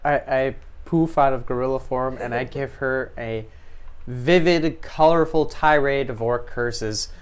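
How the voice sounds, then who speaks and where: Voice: mid-range voice, unhurried, clear, resonant tone. A player in a tabletop game, gleeful and playful. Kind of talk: casual tabletop play.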